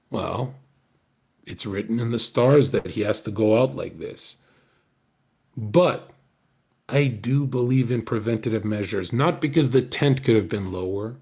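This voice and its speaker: A man's voice: fairly low pitch, darkish tone. A man streaming, rambling through casual commentary to his viewers, profane and joking.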